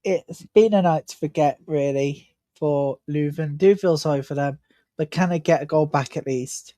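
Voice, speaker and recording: A woman's voice: sits low, normal speed, mellow, no room sound. A tired woman hosting a live football watch-along, chatting and commenting on play in a rambling, chatty way. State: tired, yawning. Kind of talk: live match commentary and chat.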